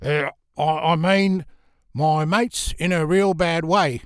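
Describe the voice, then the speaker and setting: A man's voice: on the high side, a little slow, no echo, clean studio sound, pitched above the performer's own voice, natural voice. A man voicing a bumbling male servant of a vampire who stammers and fakes a cheerful accent. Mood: flustered. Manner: flustered, stammering, over-eager.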